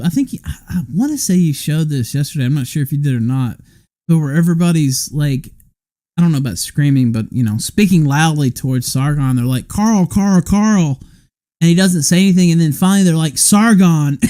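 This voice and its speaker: A man's voice: a little high, fast, warm tone. A man hosting a podcast in casual chat, asking questions with a sarcastic edge. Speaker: podcast host.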